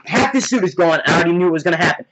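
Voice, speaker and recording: A man giving a casual movie review, retelling scenes as excited play-by-play with sound effects. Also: fairly high pitch, very fast. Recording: dull lo-fi recording.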